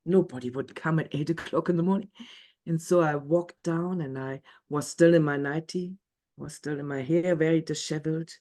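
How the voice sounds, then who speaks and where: A woman telling a story aloud to an audience, animated, laughing often and dropping into whispers. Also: fairly low pitch. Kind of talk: live storytelling.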